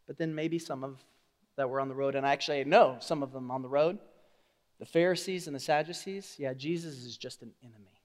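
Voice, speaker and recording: A male pastor preaching a sermon, swinging from quiet asides to loud, emphatic declarations. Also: fairly high pitch, fairly quick, in a large hall.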